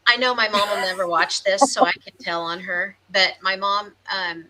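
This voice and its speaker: A chatty Southern American woman co-hosts a live podcast stream, reading viewer comments aloud in casual chat. Her medium-pitched voice is fairly even and moderately paced, heard over a noisy crowd in a rough recording.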